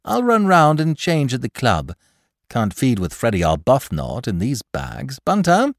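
A man voicing a flippant, theatrical aristocratic gentleman detective in a storybook reading. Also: medium pitch, wildly swooping pitch, measured pace, gravelly, dry recording, studio quality, heavily acted. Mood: breezy. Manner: breezy, theatrical, whimsical. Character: flippant aristocratic young male sleuth.

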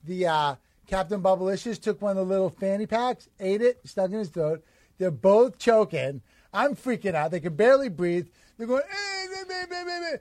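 A man co-hosting a comedy podcast, telling an absurd tall tale in a rambling deadpan way and acting out quotes. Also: high voice, normal speed, dry recording. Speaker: podcast co-host.

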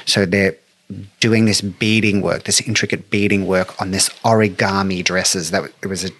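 A middle-aged man from Australia, a make-up artist telling stories in an interview with lively, emotional delivery. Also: deep voice, moderate pace. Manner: animated, emotional storyteller who acts out quotes. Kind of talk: storytelling interview chat.

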